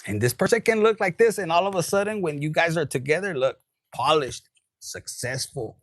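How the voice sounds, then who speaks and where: In a casual tarot reading to camera, this man is animated and profane, mixing in quoted voices and snippets of Spanish. His voice is a little high and moderately paced. The studio-quality recording is dry.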